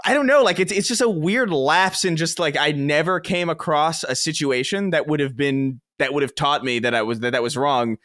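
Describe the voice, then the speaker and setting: A man's voice: a little high, moderate pace, hardly any pauses, fairly bright tone, no room sound, studio quality. Rambling self-mocking podcast guest, man. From the Bronx. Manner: rambling, self-mocking storyteller who swears freely. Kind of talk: casual podcast chat.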